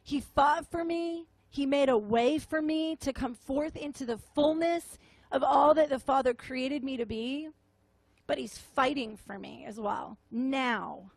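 A woman minister giving a tearful, halting sermon testimony to a room, often repeating her words. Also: sits high, gravelly, dry recording. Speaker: prophetic minister. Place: meeting room with audience.

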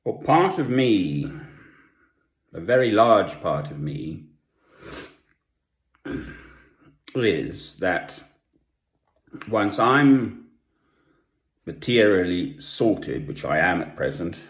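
An older man from South Africa, talking at home in a rambling personal monologue with pauses and asides. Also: deep voice, very animated. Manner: meandering, with long pauses and asides. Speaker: Christian vlogger. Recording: echoey room.

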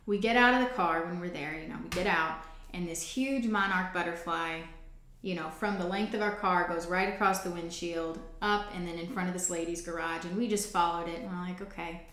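A woman's voice: lowish voice, a little fast, fairly bright tone. A woman hosting a faith ministry show, telling a personal testimony story in an earnest, conversational way with frequent restarts. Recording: roomy echo.

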